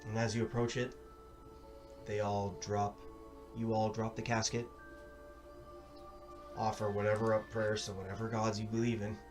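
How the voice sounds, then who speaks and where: A man narrating a tabletop adventure as dungeon master. He builds the scene slowly and dramatically, dropping in casual fillers. Faint music plays under his voice. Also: on the low side, little pitch movement, far from the mic.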